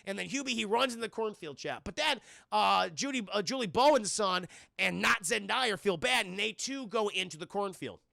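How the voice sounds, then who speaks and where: A man's voice: high voice, animated, moderate pace, creaky, pushed and bright, no echo, clean studio sound. A man reviewing a film for his stream chat, telling the plot in a loose, profane ramble and calling out to the chat. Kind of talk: casual spoiler recap.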